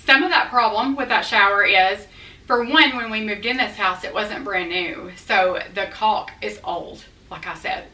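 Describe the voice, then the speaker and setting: A middle-aged woman talks straight to her viewers, blunt and a little defensive, in a folksy manner. Her voice is bright and forceful. It rings in a roomy echo, as if she stands back from the mic. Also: mid-range voice, distant mic. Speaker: vlogger addressing viewer comments. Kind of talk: candid talk to camera. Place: her house, indoors.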